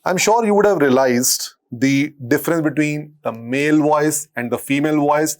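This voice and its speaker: A male medical lecturer with an Indian accent and a husky, deep voice, dictating notes and repeating phrases as he teaches. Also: expressive, a little fast. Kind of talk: classroom lecture.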